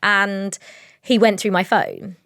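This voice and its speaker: A young woman co-hosting a podcast, telling a story in a rambling, animated way with lots of fillers. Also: medium pitch, slow pace, no echo, studio quality. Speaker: podcast co-host. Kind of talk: casual storytelling chat.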